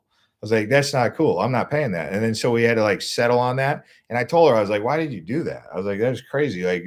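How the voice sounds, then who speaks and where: A man, a travel vlogger, casually telling a rambling story with lots of filler words and restarts. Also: on the low side. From United States. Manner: rambling, loose delivery, many "like" fillers and restarts.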